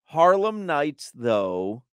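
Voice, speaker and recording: A man hosts a radio show in easy, teasing banter. His voice swings widely in pitch and sits a little high. The studio sound is close and dry. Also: extremely slow, clear, resonant tone, dry recording. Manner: animated, teasing, reads aloud. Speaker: radio sports show host.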